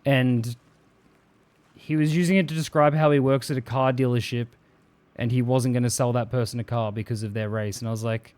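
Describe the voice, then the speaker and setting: A man's voice: mid-range voice, fairly even intonation, a little fast, darkish tone. A man streaming live, chatting casually and swearing freely as he reads viewer messages aloud and jokes about them.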